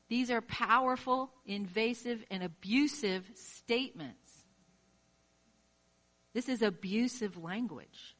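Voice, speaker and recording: A woman's voice: fairly high pitch, lively intonation, measured pace, a bit bright. A woman preaching a sermon, talking straight to her listeners with strong emphasis and acting out quoted inner voices. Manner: emphatic, direct address to listener.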